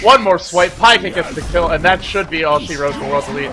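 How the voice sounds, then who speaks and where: A man calls a live esports match in a slightly raised voice, excitable and quick to break into shouts and laughter. Music plays clearly behind his commentary. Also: fairly high pitch. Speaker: esports caster.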